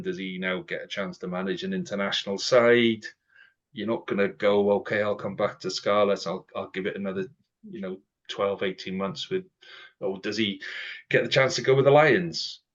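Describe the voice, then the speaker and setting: A man co-hosting a podcast in a casual, chatty way, acting out quoted exchanges as he goes. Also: on the low side. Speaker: podcast co-host. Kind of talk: casual chat. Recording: dull lo-fi sound.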